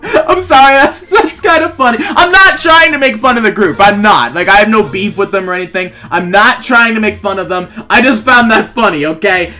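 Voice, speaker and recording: A young man with a high-pitched, pushed, bright voice gives laughter-filled, sarcastic commentary while trolling in a game. He's a gaming YouTuber, playful in tone, and faint background music can be heard.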